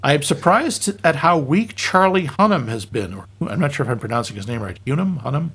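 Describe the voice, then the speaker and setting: A man with a husky, somewhat raised voice co-hosts a casual film podcast. He talks in a wry, joking way and reads out listener comments between asides. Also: a little high, a little fast, a bit bright. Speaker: podcast co-host.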